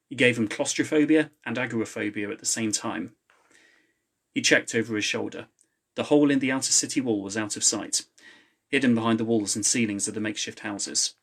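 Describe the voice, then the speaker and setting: A man reads his own novel aloud on a live stream from home, with a mid-pitched voice. Between passages he chats in a relaxed way with fillers before going back to steady narration. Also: a little fast. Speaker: author reading his novel. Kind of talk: live reading to online viewers. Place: home, with a laptop.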